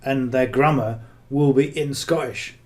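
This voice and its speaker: Blunt man, mellow voice. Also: medium pitch, fairly even intonation, a little slow. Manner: blunt and earnest, punctuates points with "okay?". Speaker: affiliate marketing coach. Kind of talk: casual unscripted coaching talk.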